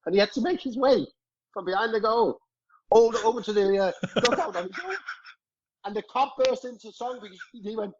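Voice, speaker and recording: A man's voice: high voice, fairly quick, a little mellow. A middle-aged man, a former footballer, telling anecdotes in casual chat, swearing freely and chuckling through his stories. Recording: dull lo-fi podcast audio.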